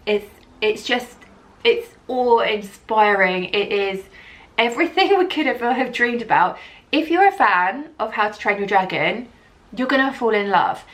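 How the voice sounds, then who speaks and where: Gushing, excitable woman vlogger. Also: mid-range voice. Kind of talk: travel vlog talking to camera.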